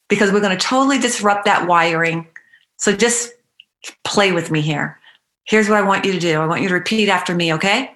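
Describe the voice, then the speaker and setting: Bright-voiced woman leading tapping meditation. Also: mid-range voice. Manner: slow, soothing, repetitive guided cues; playful bursts of animal noises and laughter. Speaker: EFT tapping coach.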